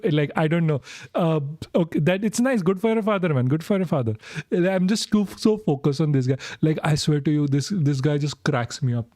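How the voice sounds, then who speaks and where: Laughing streamer, close dry mic. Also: male voice, on the high side, a little mellow, no echo. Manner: giggly, swearing, laughing through words. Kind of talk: casual reaction stream chat.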